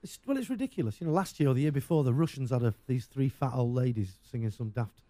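A chatty English man on the radio, rambling from one joke to the next. His pitch swings widely as he talks, with a mellow, warm tone. The sound is close and dry. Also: expressive, quick pace, no echo. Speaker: radio show host. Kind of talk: casual on-air banter.

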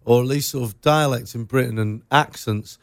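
A man's voice: mid-range voice, normal speed, gravelly, dry recording, clean studio sound. A man hosting a radio show, chatting casually and joking with his guest, laughing often. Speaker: radio host. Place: radio studio.

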